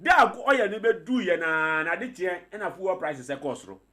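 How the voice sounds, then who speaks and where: A man's voice: high-pitched, sing-song, fairly quick, pushed and bright. A man with a Ghanaian accent arguing insistently as a panelist in a heated radio debate, mixing English, Pidgin and Twi.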